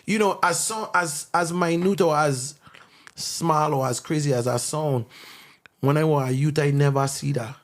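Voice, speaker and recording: A man's voice: fairly high pitch, normal speed. A man from the Virgin Islands with a Virgin Islands accent, a songwriter chatting as a podcast guest and acting out other people's voices as he tells stories. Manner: animated storytelling, acts out voices of others. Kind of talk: casual chat.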